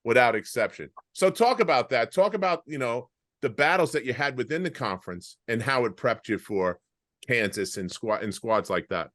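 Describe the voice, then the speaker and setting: A man's voice: mid-range voice, expressive, moderate pace, a bit bright, dry recording, clean studio sound. A man in his late fifties with a Long Island accent, hosting a casual podcast, rambling and dropping "you know" constantly over a video call. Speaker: podcast host, former player.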